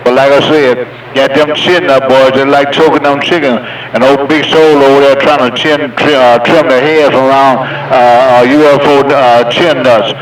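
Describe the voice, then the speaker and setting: A man's voice: medium pitch, steady tone, moderate pace, reverberant. A man talks in a loose, folksy drawl over CB radio. He sounds far from the mic. A noisy radio transmission hisses under his voice. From Georgia. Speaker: CB radio caller. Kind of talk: casual radio chat.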